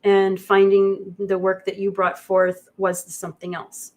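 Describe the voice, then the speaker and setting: Flat-voiced woman speaking haltingly. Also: medium pitch. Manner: halting, reflective, many pauses. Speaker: guest. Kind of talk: livestream conversation. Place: indoor studio.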